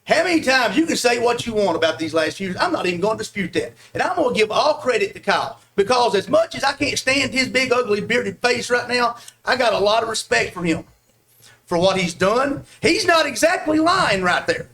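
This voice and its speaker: A man with a very high voice tears into a rival in a heated wrestling promo. He shouts, taunts and piles on insults, then slows down to make a point. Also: lively intonation. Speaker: wrestler trash-talking in an interview.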